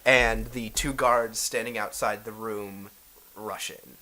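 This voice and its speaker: Bright-voiced man running a game. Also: lowish voice, fairly even intonation, slow, low-quality recording. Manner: hesitant with many fillers. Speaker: game master. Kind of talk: narrating a tabletop role-play game.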